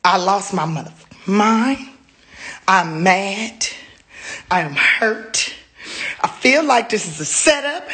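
A woman ranting into her phone camera in casual speech, swearing and breaking into high-pitched wails and shouts. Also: moderate pace. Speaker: comedian venting on social media. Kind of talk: ranting selfie video.

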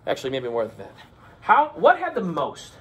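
A male teacher running a playful lesson for children, cracking pirate jokes and slipping into a gruff pirate voice. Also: on the high side, huge pitch swings, moderate pace, fairly bright tone. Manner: hammy, joking, slips into a gruff pirate voice.

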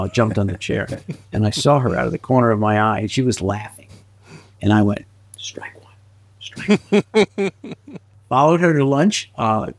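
A man telling stories as a guest in a relaxed interview, his pitch sitting in the middle range. He is a lively, animated storyteller who laughs easily and slips into little voices along the way. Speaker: guest actor and filmmaker.

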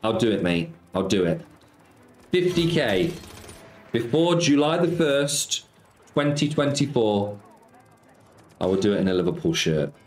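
A man's voice: on the low side, very animated, measured pace, pauses often. A man hosting a casual live stream, chatting with viewers and answering their comments. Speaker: slots streamer. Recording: roomy sound with faint music.

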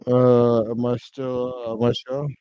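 A man talking as a podcast guest in brash, profane, rambling casual chat, swinging between loud outbursts and low mutters. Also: level tone, a little slow, clear, resonant tone, dry recording, muffled recording.

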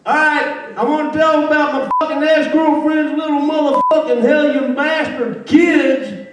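A man doing profane, rambling stand-up on a stage in front of a large crowd, shouting his punchlines. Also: extremely high pitch, measured pace. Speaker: stand-up comedian. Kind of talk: stand-up storytelling. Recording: echoey live venue, distant mic, noisy.

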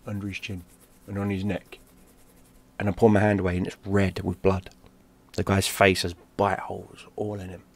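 A man from London, a gaming streamer, telling a personal story in a lively, profane way. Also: mid-range voice, no echo, studio quality. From London, England. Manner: animated, profane, acts out shouted quotes.

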